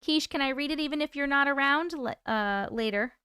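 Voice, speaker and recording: A woman's voice: high voice, brisk, bright, forceful tone, no echo, clean studio sound. A woman hosting a casual livestream, reading out viewer comments and greeting people by name in a chatty, affectionate way. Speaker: livestream host.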